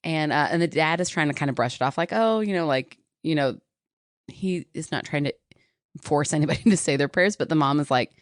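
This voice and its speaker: A woman's voice: sits low, brisk, no room sound, clean studio sound. A woman podcast host in casual chat, animatedly retelling a book's plot and acting out the characters' lines.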